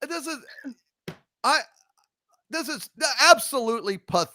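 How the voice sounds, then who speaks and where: A man's voice: very high-pitched, sing-song, a little slow, sharp tone. A man hosting a review panel, ranting furiously with heavy profanity and stammering restarts. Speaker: channel host.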